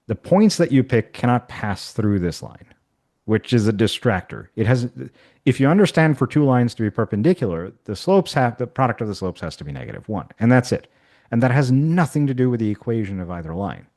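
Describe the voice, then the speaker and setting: This man teaches math and is demonstrating software at a workshop, leading colleagues through an online activity in an offhand way full of fillers and false starts. He speaks a little fast, at a medium pitch with wide swings and a somewhat dark tone.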